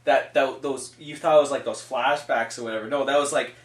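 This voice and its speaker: A man's voice: mid-range voice, fairly even intonation, brisk. A man co-hosting a casual podcast chat, emotional, swearing freely and laughing often. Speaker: podcast co-host. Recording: roomy and distant from the mic.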